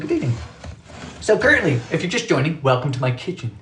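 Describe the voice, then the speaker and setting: A man's voice: on the high side, very animated, fast talker, a bit bright, a little hiss or hum. Chatty man hosting a baking livestream. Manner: chatty, jokey, keeps thanking viewers by name. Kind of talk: casual live-stream chat while baking. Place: small home kitchen.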